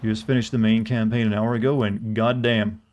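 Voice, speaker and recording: A man's voice: on the low side, level tone, a little mellow, lo-fi sound. Chatty male game streamer. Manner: chatty, answers chat, halting restarts. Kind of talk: casual gameplay commentary.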